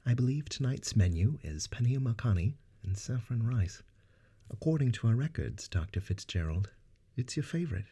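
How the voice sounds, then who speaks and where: A man voicing a good-natured male doctor with an accent, speaking gently and warmly. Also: mid-range voice, animated, moderate pace, slightly rough, pitched above the performer's own voice. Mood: gentle.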